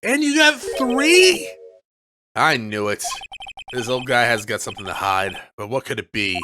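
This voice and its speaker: A man's voice: on the low side, normal speed, noisy background. A man hosting a let's play, giving casual, joking commentary with some swearing. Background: game music.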